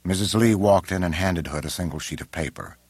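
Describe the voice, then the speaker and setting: A man narrating an audiobook in a measured, unhurried way, recorded close on a studio mic. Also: low-pitched, a little mellow, slightly rough, no echo. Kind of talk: scripted narration.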